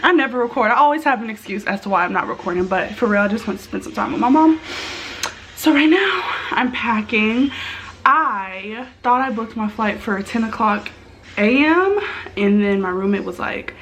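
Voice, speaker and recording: Twentysomething woman vlogging on her phone, chatty and upbeat, loud background noise. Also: a little high, animated, normal speed. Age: 20s. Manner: chatty, upbeat, says "y'all". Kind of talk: casual vlog chat.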